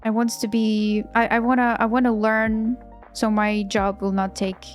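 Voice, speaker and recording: While drawing on a live stream, a woman in her thirties chats with enthusiasm, often starting her sentences over in English that isn't her first language. Her voice is on the high side with little pitch movement and a measured pace, and faint background music can be heard.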